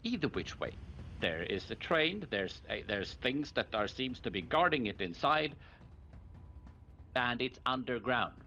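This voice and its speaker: A man's voice: medium pitch, big pitch swings, unhurried, vocal fry, bright, forceful tone. Hesitant man playing a tabletop game. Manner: hesitant, many restarts and fillers. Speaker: player. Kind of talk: tabletop role-play, describing his character. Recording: dull lo-fi mic with faint background hiss.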